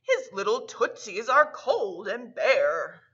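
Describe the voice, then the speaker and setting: A woman's voice: medium pitch, sing-song, takes it slowly, a bit bright, husky, lo-fi sound, exaggerated voice. A woman voicing an eager, fussy male town mayor in a children's story.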